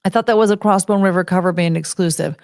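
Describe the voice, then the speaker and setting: A woman chatting away casually with her audience, her voice set close and dry with no room sound. She drifts into soft, cooing baby talk for her dogs, laughs often and lets her sentences trail off. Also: lowish voice, quick pace, no room sound. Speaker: streamer hosting her own show. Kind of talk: casual chat with viewers.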